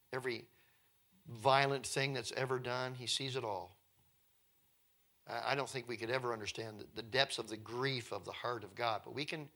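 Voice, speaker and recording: A man's voice: mid-range voice, bright, forceful tone. A man preaching a sermon as a pastor, earnest and conversational, with emphatic repetition.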